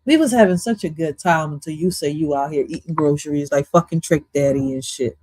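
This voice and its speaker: A woman's voice: deep voice, brisk, mellow, no room sound. A woman reacting to a podcast clip on her stream, goofy and swearing, slipping into now and then. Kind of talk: casual reaction commentary.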